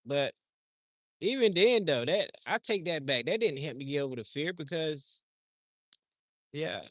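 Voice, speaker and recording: A man's voice: a little high, lively intonation, a little slow, dry recording, clean studio sound. A man livestreaming outdoors, talking in a loose, rambling, slangy way and often repeating himself. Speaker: livestream host. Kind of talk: casual rambling chat.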